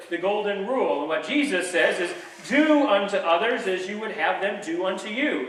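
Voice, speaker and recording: A male pastor delivers a sermon in a light, high and bright voice, easygoing and wryly funny between points. He sounds set back from the microphone. The church around him rings with heavy reverberation. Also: slight background noise. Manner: conversational preaching with wry jokes. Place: church sanctuary. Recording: echoey sanctuary, mic at a distance.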